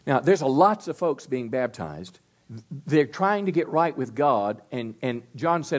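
A man's voice: fairly high pitch, big pitch swings, normal speed, a little mellow. Folksy preaching man, call-and-response. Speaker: pastor. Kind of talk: sermon.

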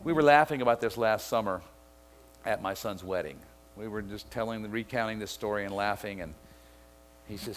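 Middle-aged pastor, sermon, storytelling delivery, faint hum in the background. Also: male voice, fairly low pitch, brisk. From Mississippi. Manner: storytelling, builds to excited shouting.

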